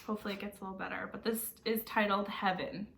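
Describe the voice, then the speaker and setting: A woman teacher reading a novel aloud and stopping to reflect gently and ask her listeners questions. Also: medium pitch, flat delivery, fast, gravelly, slight background noise. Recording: roomy echo.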